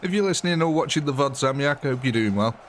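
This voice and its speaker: Talking fast and expressively at a medium pitch, a man chats with viewers during a live gameplay stream. He rambles, laughs a lot, and greets people by name, with slight background noise behind him.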